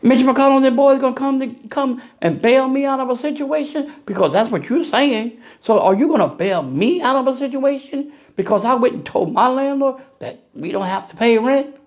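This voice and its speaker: Animated man ranting to camera. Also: very high voice, moderate pace, few pauses. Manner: animated, ranting, full of rhetorical questions; laughs at his own jokes. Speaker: vlogger. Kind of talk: casual political rant.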